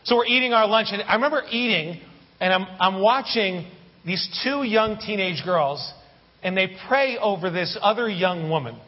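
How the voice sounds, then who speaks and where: A man preaching a sermon as a pastor, telling a story in an animated way with humorous asides. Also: high voice, moderate pace. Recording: muffled sermon audio with long hall reverb.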